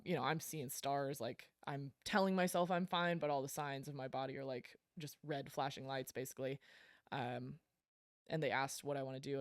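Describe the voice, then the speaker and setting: A woman guest on a podcast, telling a story in casual talk, animated and self-deprecating, laughing often and with plenty of fillers. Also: deep voice, no echo, studio quality. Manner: frequent fillers like um and like.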